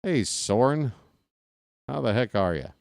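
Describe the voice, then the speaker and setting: Casually commentating a baseball game live on his channel, this streamer mixes play-by-play with wandering jokes and talk with viewers. He has a medium-pitched, gravelly, darkish voice with lively intonation and a measured pace, captured in a dry, clean studio recording.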